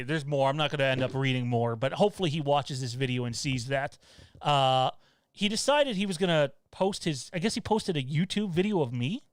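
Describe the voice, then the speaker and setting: A male host talks off the cuff on a home livestream, blunt and rambling, with bursts of swearing. His voice is smooth and fairly high for a man. The sound is dry and close. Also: dry recording. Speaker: show host. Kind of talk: casual livestream chat.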